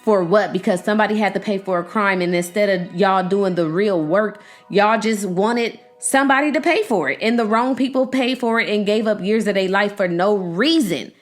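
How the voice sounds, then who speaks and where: A young woman hosting a podcast, giving animated, outspoken commentary straight to her listeners. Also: medium pitch, normal speed, few pauses, soft background music. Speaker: podcast host. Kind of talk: casual commentary to her audience.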